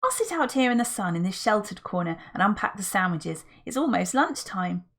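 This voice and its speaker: A woman's voice: mid-range voice, big pitch swings, brisk. A woman reading the part of a fussy, motherly middle-aged aunt with a fretful, proper manner.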